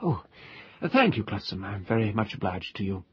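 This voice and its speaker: A man voicing a tipsy, pompous middle-aged gentleman who speaks with exaggerated, sing-song civility. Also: fairly low pitch, sing-song, normal speed, slightly rough, heavily acted. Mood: tipsy, genial. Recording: dull lo-fi recording.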